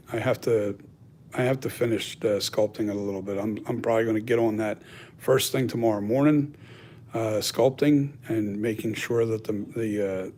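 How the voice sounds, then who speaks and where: A man's voice: medium pitch, darkish tone, slight background noise. A man who makes costumes and masks, talking casually in a workshop vlog, thinking aloud and rambling with lots of fillers. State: has the hiccups. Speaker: costume and mask maker.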